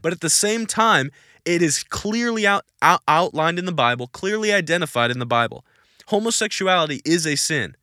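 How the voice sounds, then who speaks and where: A man's voice: on the high side, lively intonation, moderate pace, sharp tone, dry recording, studio quality. A man hosting a Christian podcast Q&A, answering questions in an emphatic, insistent, preachy way and repeating his points. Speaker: podcast host.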